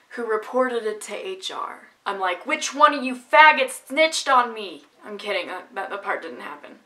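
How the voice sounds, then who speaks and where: A woman's voice: fairly high pitch, sharp tone. A woman vlogger telling a story from her own life in a casual, sarcastic, ranting manner.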